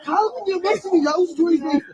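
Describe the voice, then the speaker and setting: An Irish man, the one being arrested, shouting frantic, sobbing protests in a street. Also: extremely high pitch, a little fast. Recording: distant muffled phone video with loud crowd.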